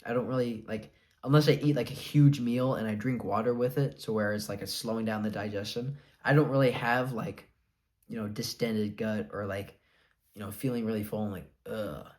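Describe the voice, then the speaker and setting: A man's voice: lowish voice, fairly even intonation, brisk, darkish tone. A young adult man talking casually to camera, rambling with many fillers, earnest and a bit defiant. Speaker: vlogger sharing his diet experience.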